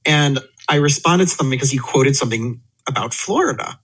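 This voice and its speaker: A man hosting a podcast, chatting in a measured, conversational way. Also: mid-range voice, a bit bright, husky, rough recording. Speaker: podcast host. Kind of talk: casual chat.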